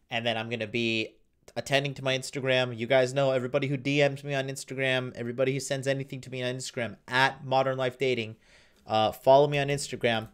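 Young male livestream host, casual rambling chat, mid-pitched voice, computer mic. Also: clean tone. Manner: rambling, with frequent fillers and restarts. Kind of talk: casual livestream chat reading viewer comments.

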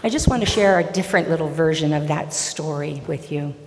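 A woman's voice: low voice, fairly quick, a little hiss or hum. A woman preacher giving a sermon and reading scripture, telling stories expressively, in a large church. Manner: expressive storytelling. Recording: long church reverb.

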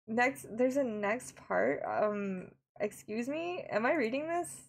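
Giggly Australian woman streamer, gravelly. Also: on the high side, big pitch swings, takes it slowly, hardly any pauses. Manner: giggly, flustered, talks to chat. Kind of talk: casual live-stream chat.

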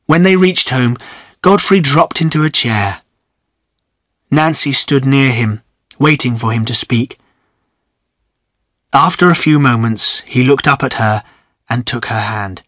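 A man narrating a story in a measured reading for English learners. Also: medium pitch, a bit bright, dry recording, clean studio sound.

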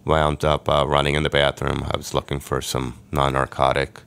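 A man's voice: very deep voice, monotone, moderate pace, creaky, a bit bright, smooth. A middle-aged man earnestly telling an emotional personal story as a podcast guest.

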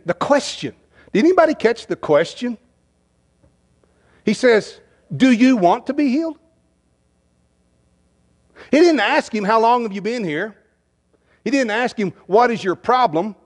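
A man with a high voice preaches a sermon in a conversational way. He poses rhetorical questions to the congregation and slips into quoted dialogue as he retells scenes. He sounds like a pastor in his fifties. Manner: acts out dialogue in quoted lines.

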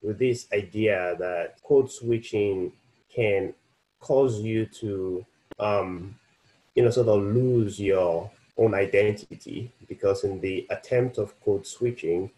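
Guy moderating a video panel, lowish voice, kinda hesitant. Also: slow pace, a little mellow, low-quality recording. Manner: hesitant, searching for words. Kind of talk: online panel discussion. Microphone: video call.

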